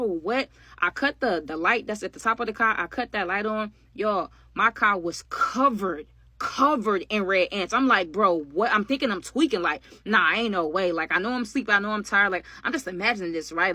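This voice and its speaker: Brief: woman storytime vlogger, rapid-fire delivery, dry close sound, chatty and slangy. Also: medium pitch, pushed and bright, no echo. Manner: chatty, slangy, addresses viewers as y'all. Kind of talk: casual storytime narration.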